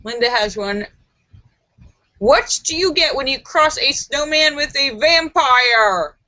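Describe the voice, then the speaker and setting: A woman's voice: high-pitched, animated, slow pace, bright, forceful tone, no room sound. A woman hosting a casual livestream, telling jokes playfully and slipping into silly voices. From Los Angeles based. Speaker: livestream host.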